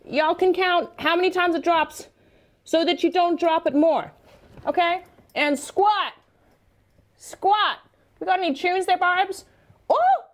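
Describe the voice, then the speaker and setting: A woman leading a comic workout and bantering with an audience, loud and crude, full of exclamations. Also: very high-pitched, unhurried, a little hiss or hum.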